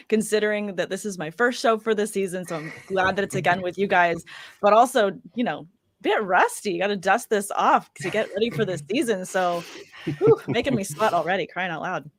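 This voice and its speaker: A woman guest on a podcast, chatting casually with the hosts in a bubbly, easily laughing way. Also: mid-range voice. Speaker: podcast guest, fantasy analyst. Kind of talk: casual chat.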